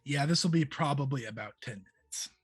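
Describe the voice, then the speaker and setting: Husky-voiced male game master. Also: medium pitch, fairly quick, dry recording, soft background music. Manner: relaxed, chatty, many fillers. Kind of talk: narrating a tabletop game.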